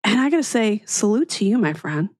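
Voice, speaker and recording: A woman in her forties hosting a casual podcast, emphatic and quick to chime in. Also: mid-range voice, no room sound, studio quality. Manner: lively, emphatic, quick agreeing interjections. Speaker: podcast host.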